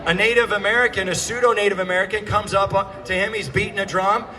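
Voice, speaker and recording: Fiery high-voiced man at a rally. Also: flat delivery, fast talker. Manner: fiery, sarcastic, often shouting to a crowd. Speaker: rally speaker. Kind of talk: impassioned outdoor rally speech. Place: outdoors at a street protest. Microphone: megaphone.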